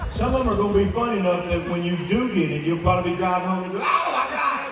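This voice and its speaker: A man's voice: high voice, racing, crowd noise. An older man telling rambling, self-interrupting jokes in a live stand-up set. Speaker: country singer doing stand-up between songs. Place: large indoor theater stage. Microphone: stage microphone through PA. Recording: echoey live hall recorded from far off. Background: audience laughter and music.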